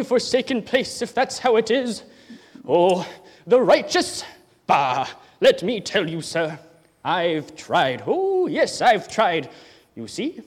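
A man acts out a miserly old grump on a stage, his high voice swooping wildly as he blusters and sighs. The hall rings with a long reverb behind him. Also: slightly rough, exaggerated voice. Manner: theatrical, sighing, blustering. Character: grumbling miserly old man, gloomy and self-pitying. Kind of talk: amateur stage play.

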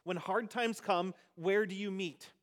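A pastor preaching a sermon, speaking emphatically and slowing down to stress key phrases, sometimes soft and sometimes loud. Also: male voice, sits high, steady tone.

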